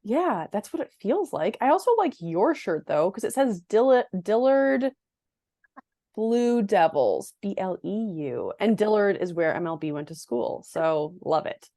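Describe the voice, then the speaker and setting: A woman's voice: medium pitch, sing-song, a little slow, dark tone, no room sound, studio quality. A woman co-hosting a podcast over a video call, chatting casually and laughing often. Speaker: podcast co-host. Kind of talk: casual chat.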